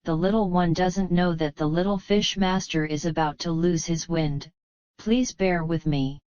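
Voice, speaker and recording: Brief: mischievous boy hero in a storybook, voiced by a woman. Slow, clean delivery, slightly muffled sound. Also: lowish voice, steady tone, darkish tone, clear, resonant tone, no room sound, close to an everyday voice. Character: cheeky mischievous young male martial hero.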